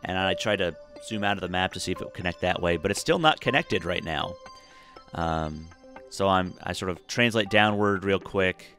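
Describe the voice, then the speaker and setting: A man's voice: low-pitched, normal speed, fairly bright tone, soft background music. A tired man casually talking through a space game, rambling with lots of fillers and restarts. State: tired, yawning. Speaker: gameplay commentator. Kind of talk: casual let's-play commentary.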